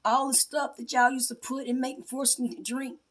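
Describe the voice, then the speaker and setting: High-voiced woman confronting her mother. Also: steady tone, moderate pace. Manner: confrontational, swings between hushed whispers and raised accusing voice. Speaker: self-styled spiritual priestess. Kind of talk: emotional personal testimony addressed to her mother.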